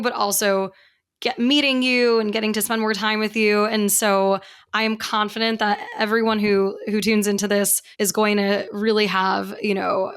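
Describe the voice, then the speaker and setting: A woman's voice: mid-range voice, fairly bright tone, smooth. Brief: female podcast host, earnest, conversational, many fillers. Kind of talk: conversational interview.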